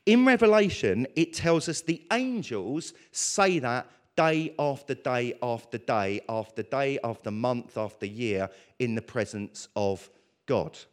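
A man preaching a sermon, talking through scripture and acting out prayers and dialogue in an animated way. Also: mid-range voice, a little slow.

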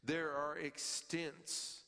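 A man preaching a sermon as pastor, emphatic, repeating key phrases and rising in pitch and force as he drives a point home. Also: flat delivery, drawn-out words, creaky, sharp tone, clean tone, big-room sound.

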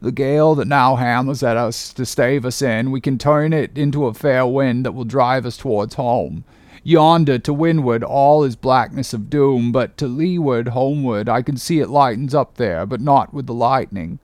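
A man's voice: mid-range voice, normal speed, a little mellow, dry recording, close to an everyday voice. An earnest, anxious first mate, as a male reader puts him on speaks in a raised, urgent voice. The sound is close and dry, like a storybook reading.

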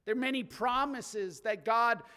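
High, bright-voiced preacher in a big hall. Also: male voice, unhurried, clear, resonant tone. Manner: earnest preaching, swelling and dropping in intensity. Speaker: pastor. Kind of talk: sermon. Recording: long reverb of a large hall.

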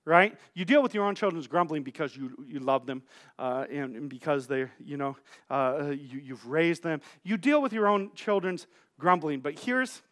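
A man's voice: a little high, normal speed, a bit bright. A middle-aged man preaching a sermon as pastor, casual and joking, often restarting his sentences.

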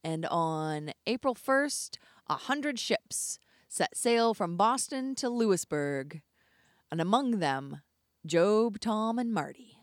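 A woman podcast co-host telling a folklore tale in a relaxed, chatty, lightly profane way. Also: medium pitch, slow pace, dry recording, studio quality. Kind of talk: casual storytelling.

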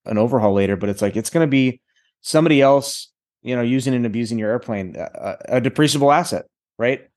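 A man's voice: mid-range voice, a little mellow. A man in casual conversation about pilots and airplanes, voicing disbelief and mild mockery. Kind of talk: casual chat.

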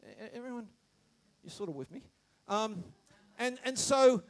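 A man preaching a sermon, animated, shouting some phrases and dropping to quiet asides, stammering when excited. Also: high-pitched, unhurried. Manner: animated, swings between loud shouts and quiet asides, laughs often.

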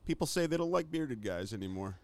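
A man's voice: mid-range voice, animated, a little fast, no room sound. A man co-hosting a podcast, joking around and wandering off on tangents. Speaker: podcast co-host. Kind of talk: casual podcast banter.

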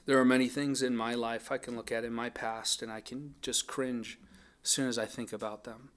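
A man's voice: mid-range voice, flat delivery, normal speed, clean tone. A man preaching a sermon, earnest and thoughtful, often restarting his phrases as he works through a psalm. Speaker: pastor.

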